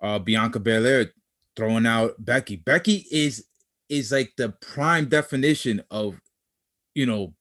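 A man's voice: medium pitch, unhurried, fairly bright tone. A man in casual podcast chat about wrestling, talking conversationally with frequent "you know what I'm saying" asides.

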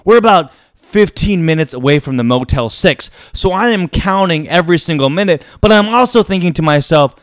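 Animated man telling a dramatic story. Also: on the high side, fairly quick, smooth, no room sound, clean studio sound. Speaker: podcast host. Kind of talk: casual storytelling.

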